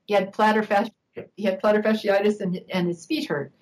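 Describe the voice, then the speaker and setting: An older woman, an interview guest, telling a personal story in a reflective, unhurried way, laughing now and then. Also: medium pitch, fairly even intonation, darkish tone, rough recording.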